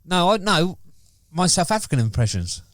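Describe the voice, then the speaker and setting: A man's voice: sits high, very animated, moderate pace, no echo, studio quality. A man co-hosting a casual podcast, rambling with many fillers and restarts. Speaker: podcast co-host. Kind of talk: casual chat.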